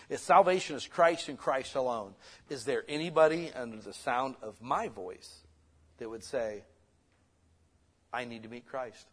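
Man, pastor, sermon, conversational, mid-pitched, loud bursts and soft asides. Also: breathy edge. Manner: lively, conversational preaching that swings from loud to soft.

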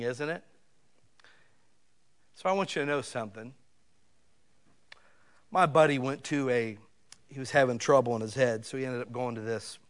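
A man preaching a sermon in a folksy, conversational way, talking directly to his listeners with emphatic swells. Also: mid-range voice. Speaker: pastor.

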